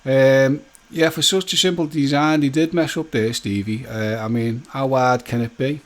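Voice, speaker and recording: A man hosts a relaxed live stream, bantering with his viewers and calling them by name. He laughs easily and keeps a friendly, jokey tone. His voice sits at an ordinary middle pitch. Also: normal speed.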